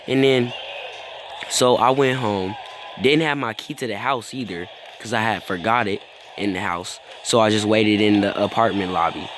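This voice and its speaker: A teenage boy casually telling a rambling story, acting out both sides and filling it with "bro" and "like". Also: on the low side. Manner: rambling, animated retelling with lots of "bro" and "like". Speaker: vlogger. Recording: noticeable background noise.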